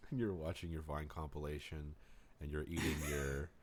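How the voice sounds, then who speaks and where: A young man with an extremely deep voice trades casual banter on a podcast, dropping dry jokes in an offhand way. A faint hiss of background noise sits under him. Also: lively intonation, takes it slowly. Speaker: podcast co-host. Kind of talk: casual chat.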